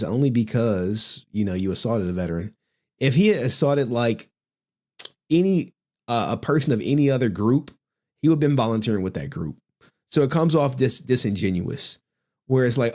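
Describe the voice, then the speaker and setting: A man's voice: medium pitch, lively intonation, normal speed. A man with a mid-range voice hosts a reaction commentary, reading a document aloud line by line. He keeps stopping to mock it, exasperated and sarcastic, swearing and laughing at the wording. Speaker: commentary channel host.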